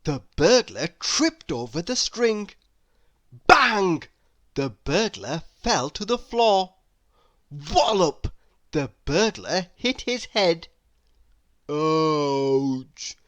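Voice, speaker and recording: A woman reading a children's storybook aloud in an expressive manner, now and then asking the listener questions. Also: lowish voice, slow, hardly any pauses, no echo. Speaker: storybook reader.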